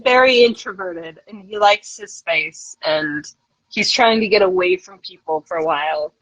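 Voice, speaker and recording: A woman's voice: fairly low pitch, normal speed, a bit bright, no echo, rough recording. A woman author chatting casually as an interview guest, filling her talk with "like.". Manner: chatty, with lots of "like" fillers.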